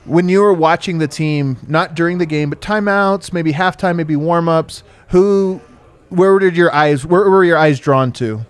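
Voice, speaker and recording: A man hosting a casual live sports talk show, chatty and quick to laugh. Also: fairly high pitch, smooth. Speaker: host.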